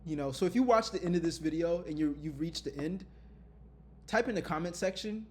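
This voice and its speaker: A man vlogging openly to his viewers, earnest and lively, often repeating his phrases. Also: a little high, brisk, a little hiss or hum. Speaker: content creator. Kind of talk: candid vlog talk.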